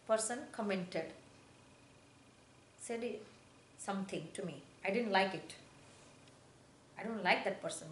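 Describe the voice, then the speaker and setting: A woman giving spiritual instruction on meditation, speaking in slow, repetitive phrases with hesitations and soft, falling affirmations. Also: medium pitch, roomy sound, a little hiss or hum, rough recording. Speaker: spiritual teacher. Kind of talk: guided meditation teaching.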